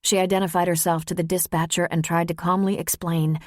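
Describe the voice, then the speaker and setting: A woman narrating an audiobook in a tense, measured storytelling voice. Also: fairly low pitch, level tone, no echo, clean studio sound. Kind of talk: scripted narration.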